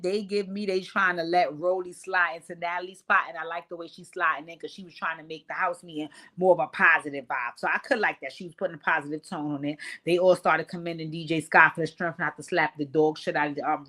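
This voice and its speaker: Woman host, casual recap, brash and profane delivery, animated storyteller. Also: lowish voice. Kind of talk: casual reality-show recap.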